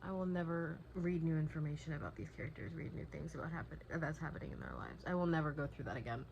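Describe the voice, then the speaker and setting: Young woman vlogging at home late at night, low voice, exhausted, emotional and swearing, faint hum in the background. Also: animated, quick pace, gravelly, darkish tone, highs cut off. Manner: emotional, gushing, swears freely. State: worn out and teary. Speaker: book vlogger. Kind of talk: casual vlog chat.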